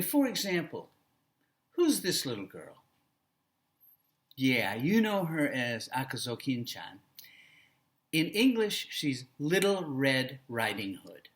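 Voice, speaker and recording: Slow, expressive male teacher trainer. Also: a little high. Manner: slow, deliberate and expressive, drops to a soft voice at times. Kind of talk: recorded lecture for student teachers.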